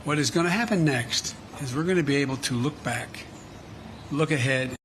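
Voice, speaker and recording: An older man speaking at a press conference, halting and repeating himself. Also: medium pitch, fairly bright tone. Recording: noisy archive clip.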